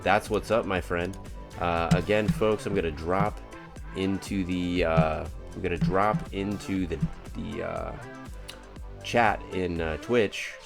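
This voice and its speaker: A man streaming a racing game live, chatting casually to viewers in a rambling, upbeat, self-mocking way. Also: deep voice. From United States.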